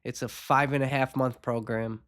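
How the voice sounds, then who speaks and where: Guy hosting his own show, stuffy nasal voice from a cold, candid, takes his time, little rueful laughs, middle pitch. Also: fairly even intonation, moderate pace, a bit bright, dry recording, studio quality. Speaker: podcast host. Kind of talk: reflective personal talk on addiction recovery.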